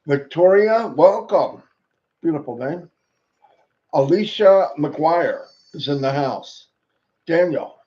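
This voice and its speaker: Guy hosting a live stream, slow easy shout-outs, playful little rhymes, dull lo-fi audio. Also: on the high side, lively intonation. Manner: playful, rhyming, sing-song call-outs. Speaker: host greeting viewers.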